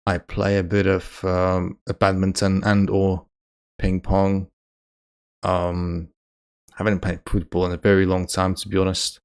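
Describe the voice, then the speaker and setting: A man's voice: sits low, monotone, unhurried, clean tone. A man casually chatting on a live stream, reading viewer comments aloud, joking and laughing often. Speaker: chess streamer.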